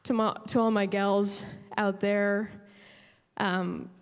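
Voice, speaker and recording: A woman from Alberta giving an emotional award acceptance speech from a stage, halting with many fillers and restarts. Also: mid-range voice, level tone, clear, resonant tone. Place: large hall at an awards show. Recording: long hall reverb.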